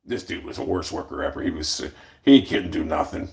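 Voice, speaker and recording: A man's voice: low voice, lively intonation, fairly quick, vocal fry, darkish tone. Blunt, profane man telling stories. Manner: blunt, profane, full of restarts. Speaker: storyteller. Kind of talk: casual rambling monologue.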